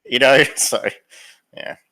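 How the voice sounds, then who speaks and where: A man's voice: slow pace, bright, forceful tone. A man with an Australian accent, telling stories with laughs in a casual chat on a live hobby stream. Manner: laid-back storytelling, laughs often. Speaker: co-host.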